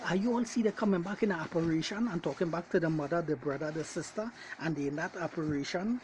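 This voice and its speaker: A man delivering a preaching message as a self-styled Bible teacher, talking straight to his listeners, hammering his points with repeated refrains and calling them ladies and gentlemen. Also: a little high, quick pace, hardly any pauses, low-quality recording.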